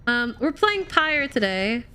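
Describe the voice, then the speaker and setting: A woman streaming a game, chatting casually and excitedly with her viewers while slightly ill and coughing. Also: fairly high pitch, slow, clean tone. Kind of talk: casual live-stream chat while playing.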